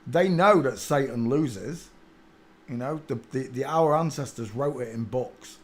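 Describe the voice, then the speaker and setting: Unhurried and mid-range in pitch, a man hosting a live stream meanders through a monologue, occasionally breaking into excited yelling.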